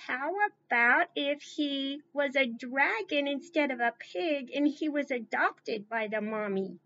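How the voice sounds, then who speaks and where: A woman co-presents a library storytime, offering playful ideas in a slow, high voice. Her tone is bright and a little sharp. The recording sounds slightly dull.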